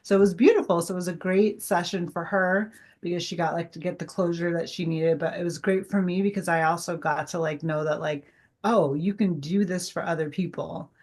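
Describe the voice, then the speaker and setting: A middle-aged woman, a guest medium, telling an animated personal story in casual chat and acting out the dialogue. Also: lowish voice, brisk. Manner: animated, heavy use of "like", acts out quoted dialogue.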